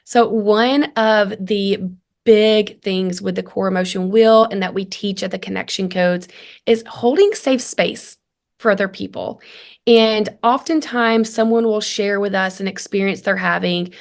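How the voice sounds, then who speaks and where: A woman in her thirties speaks earnestly as a guest on a parenting podcast. She tells animated family stories and acts out the dialogue. Her voice sits in a middle pitch. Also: a little slow, gravelly. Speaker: guest, family communication coach. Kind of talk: conversational interview.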